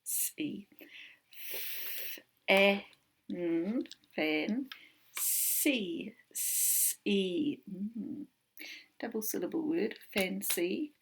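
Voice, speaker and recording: A woman with a New Zealand accent teaching an online phonics lesson from home, slowly sounding out letters and words. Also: medium pitch, animated, gravelly, slight background noise. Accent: New Zealand English.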